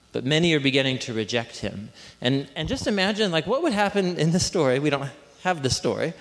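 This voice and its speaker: A man's voice: mid-range voice, vocal fry, a bit bright. A man preaching a conversational sermon to a congregation, often asking them questions. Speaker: pastor. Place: church hall with congregation. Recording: long hall reverb.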